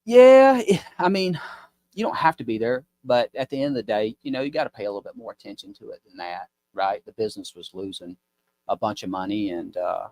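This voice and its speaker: This is a low-pitched man with a drawl, chatting casually as a podcast guest. He rambles through his stories with a folksy ease and acts out the people in them. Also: fairly even intonation, fast talker, darkish tone. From Mississippi. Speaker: podcast guest, business owner. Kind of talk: casual storytelling chat.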